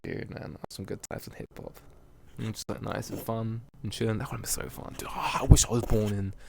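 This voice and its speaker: Young male podcast host, low gravelly voice, loose filler-heavy rambling. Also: little pitch movement, brisk, heavy background noise. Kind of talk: casual rambling solo podcast.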